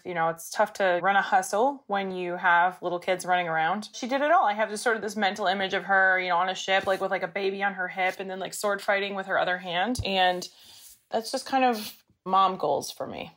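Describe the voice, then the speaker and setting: A woman's voice: mid-range voice, fairly bright tone. A woman lawyer and expert giving an enthusiastic, chatty interview answer.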